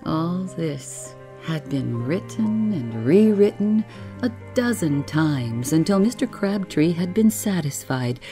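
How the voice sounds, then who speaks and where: A woman reading a relaxing bedtime story aloud in a soft, unhurried, soothing way. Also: low voice.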